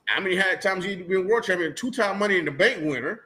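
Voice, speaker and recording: A man's voice: high voice, quick pace. A man co-hosting a wrestling podcast, arguing his side in a loose, slangy way and laughing often. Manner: animated, laughing, slangy and emphatic. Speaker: podcast co-host. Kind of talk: casual wrestling debate.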